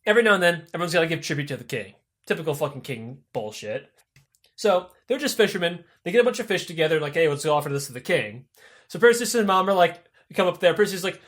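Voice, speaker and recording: A man hosting a comedy podcast, retelling myths in a profane, animated way and dropping into goofy character voices. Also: fairly high pitch, fast talker. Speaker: podcast host. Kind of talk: comic storytelling of myths. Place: podcast studio.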